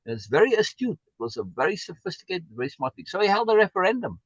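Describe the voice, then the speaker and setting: A man's voice: high-pitched, big pitch swings, fast, husky, no room sound, highs cut off. A man hosting a live stream, talking in an emphatic way and repeating words for stress as he answers viewer comments. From South Africa. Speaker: livestream host.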